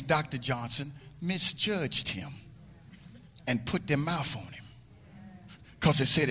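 A man's voice: medium pitch, normal speed, sharp tone, in a large hall. A male pastor preaching a sermon, emphatic and repetitive, stretching phrases out for effect.

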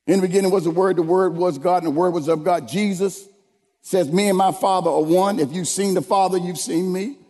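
A man preaching a sermon, leading the congregation in call-and-response and building to shouted lines. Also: high-pitched, steady tone, fairly quick. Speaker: pastor. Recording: long hall reverb.

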